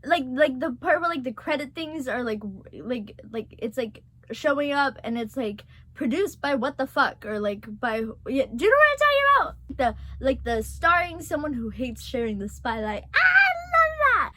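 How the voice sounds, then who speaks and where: A young woman chatting casually as a vlogger, gushing and excitable, swearing freely. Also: high-pitched, moderate pace, few pauses. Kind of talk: casual chat.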